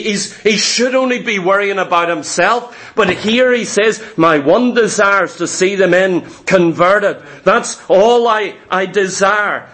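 Preacher, male, high-pitched, earnest storyteller who voices the quotes. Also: a bit bright. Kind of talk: sermon storytelling.

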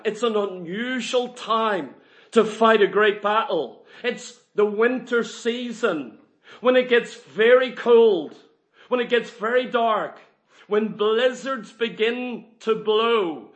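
High-voiced man preaching an emphatic sermon. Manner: emphatic, rhetorical questions, builds to loud peaks.

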